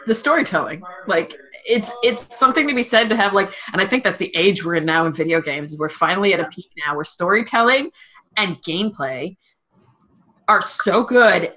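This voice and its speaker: A woman guest on a gaming livestream panel who talks about games with animated enthusiasm. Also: lowish voice.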